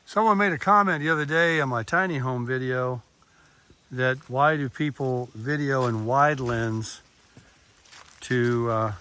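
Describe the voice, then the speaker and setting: A man's voice: medium pitch, sharp tone. Chatty older man on a woodland trail. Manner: chatty, talks to viewers while walking. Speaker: vlogger. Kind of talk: casual hiking vlog. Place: wooded hiking trail outdoors. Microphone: camera mic, no external microphone.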